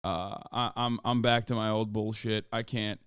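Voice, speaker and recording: A man's voice: on the low side, flat delivery, moderate pace, a bit bright, clear, resonant tone, no room sound, clean studio sound. A man livestreaming and chatting casually. He sounds exasperated, swears often and reads chat comments aloud. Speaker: livestreamer selling merch.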